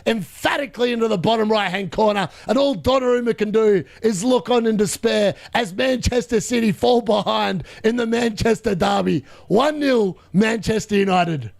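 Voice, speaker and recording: A man streaming a live football watchalong, chatting, laughing, reading the chat and bursting into shouted play-by-play when the action picks up. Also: high-pitched, normal speed, creaky, few pauses. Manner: excitable, bursts into shouted play-by-play at big moments; chatty, laughs often, reads chat aloud.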